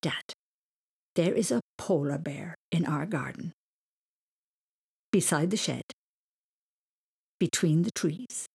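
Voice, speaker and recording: A woman's voice: sits low, takes it slowly, gravelly, long pauses, a little mellow, husky, heavily acted. Woman doing an urgent, earnest young boy. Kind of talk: storybook reading.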